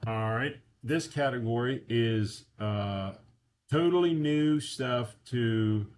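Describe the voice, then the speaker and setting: A man teaching a beginner language lesson in a casual, unhurried way, explaining step by step with frequent fillers. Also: medium pitch, a little mellow.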